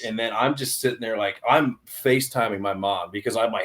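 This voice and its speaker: A young adult man telling a hunting story on a podcast in an excited, animated way, with many restarts. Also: mid-range voice, fairly quick, hardly any pauses. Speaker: podcast guest. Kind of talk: casual storytelling.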